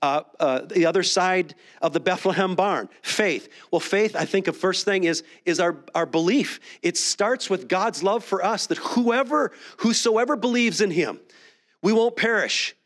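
Casting note: male pastor with a high voice, conversational sermon delivery, frequent restarts. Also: measured pace, a bit bright. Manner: conversational preaching with many restarts. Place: church sanctuary.

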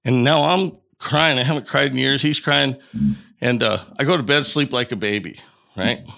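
A middle-aged man from Colorado, a podcast guest, telling a long personal story in an animated way and acting out the dialogue. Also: medium pitch, moderate pace, vocal fry. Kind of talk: storytelling in an interview.

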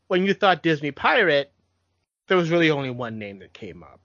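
A man's voice: fairly high pitch, animated, moderate pace, sharp tone, no room sound, dull audio. A young adult man co-hosting a podcast, rambling a little with restarts as he talks film history. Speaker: podcast co-host. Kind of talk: casual chat.

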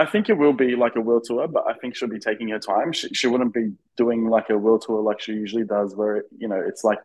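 A man's voice: lowish voice, darkish tone, low-quality recording. An Australian man, a podcast guest, telling an eager, nervous story with lots of fillers and restarts. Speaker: interview guest, fan. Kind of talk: casual storytelling in a podcast interview.

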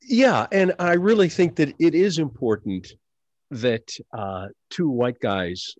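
A man's voice: a little high, slow pace, a little mellow, no echo. A man joining a discussion as a guest, talking in a wry, self-deprecating way. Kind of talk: casual discussion.

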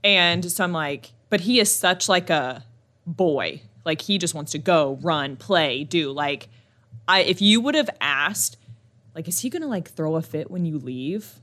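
A young woman talks on a podcast with a bright, clear voice. She tells stories in an animated way, full of laughter and little asides. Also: lowish voice, unhurried. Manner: animated storytelling with lots of laughing and "like". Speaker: podcast co-host. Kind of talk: casual chat.

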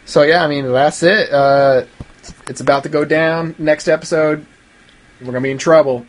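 A man's voice: on the high side, steady tone, moderate pace, slight background noise. Rambling, self-deprecating man. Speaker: listener sending feedback. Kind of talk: casual recorded feedback.

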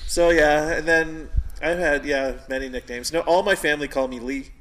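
A man's voice: on the high side, normal speed, a bit bright, slight background noise. A man from Canada chatting casually on a podcast, telling long rambling stories and swearing freely. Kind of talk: casual chat.

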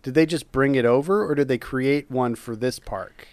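A man chatting casually as a podcast co-host, his voice smooth and resonant. He talks with eager enthusiasm, sometimes circling back on his words. The sound is close and dry. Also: mid-range voice, normal speed, a little mellow, dry recording. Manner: enthusiastic, rambling with restarts. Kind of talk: casual chat.

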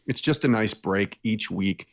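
A man appearing as a radio interview guest, telling a personal story in a lively way, with his voice lifting when he is moved. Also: fairly low pitch, unhurried, vocal fry.

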